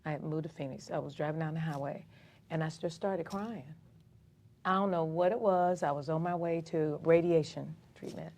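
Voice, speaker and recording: Speaking at normal speed in a deep voice, an Atlanta, Georgia woman who works as a community activist recounts her own story during a casual interview. She's an animated storyteller who performs the dialogue of others.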